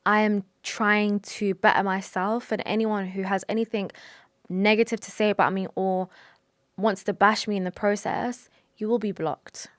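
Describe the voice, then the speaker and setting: A woman's voice: mid-range voice, steady tone, moderate pace, no echo, clean studio sound. A young woman talking to camera about her faith, earnest and emotional, with sighs, restarts and Arabic religious phrases mixed in. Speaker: vlogger. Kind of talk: personal confessional talk to camera.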